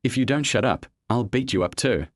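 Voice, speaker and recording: A fierce young businesswoman who snaps cold threats, as a male narrator puts her on. The delivery swings in pitch with plenty of life. The sound is dry and close, like a storybook audiobook. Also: expressive, a little fast, dry recording, natural voice. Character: fierce young woman CEO, cold and sharp-tongued.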